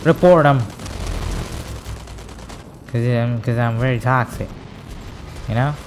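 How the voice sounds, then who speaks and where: A man giving excitable commentary over his own gameplay, cheering at kills and muttering asides between rounds. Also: medium pitch, moderate pace, background noise. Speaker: gaming YouTuber. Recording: game music behind voice.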